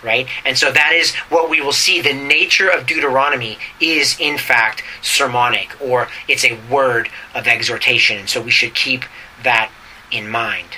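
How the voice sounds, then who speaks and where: A male pastor preaching a teaching sermon, often checking in with the congregation and reading scripture slowly and deliberately. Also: mid-range voice, steady tone, pushed and bright, slight background noise, poor audio.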